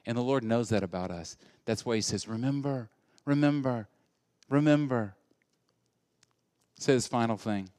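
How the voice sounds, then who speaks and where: A male pastor preaching a sermon, moving between loud, animated passages and hushed, intimate ones. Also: fairly low pitch, brisk, hardly any pauses, dry recording.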